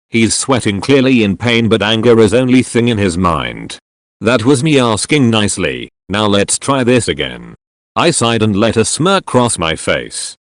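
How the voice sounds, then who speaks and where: A man reads a first-person audiobook with a low voice that rises and falls a lot, animated and dramatic in his storytelling. He is recorded dry and close on a studio mic, with no room sound at all. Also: unhurried, no room sound. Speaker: audiobook narrator.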